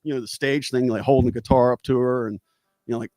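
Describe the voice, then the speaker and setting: A man who is a guest guitarist, telling casual stories in an animated way, laughing often, over a video call. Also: medium pitch, fast, no echo, clean studio sound. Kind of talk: casual storytelling chat.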